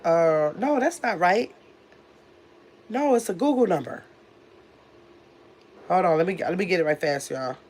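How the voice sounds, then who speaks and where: A woman's voice: on the low side, animated, measured pace, long pauses, a little mellow. Chatty woman host reading the live chat. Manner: chatty, distracted, talks to the chat as "y'all". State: recovering from illness. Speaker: livestream host.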